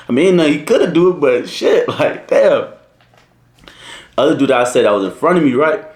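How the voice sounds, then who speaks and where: Young adult male storyteller, slangy and profane, animated retelling in a roomy, echoey space. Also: medium pitch, fairly quick, creaky. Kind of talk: casual storytime.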